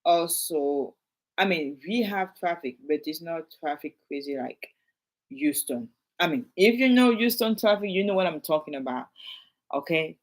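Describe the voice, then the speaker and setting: A woman's voice: fairly low pitch, moderate pace. A woman in her thirties, a realtor and native French speaker with a French accent, talking casually and emphatically to her viewers in a vlog. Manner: animated, repetitive, emphatic, addresses viewers directly. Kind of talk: casual vlog talk to camera.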